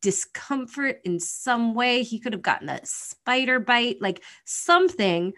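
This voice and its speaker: A woman's voice: on the high side, animated, measured pace, a bit bright. A woman co-hosting a podcast in casual chat, earnest and rambling, with many fillers. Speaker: podcast co-host.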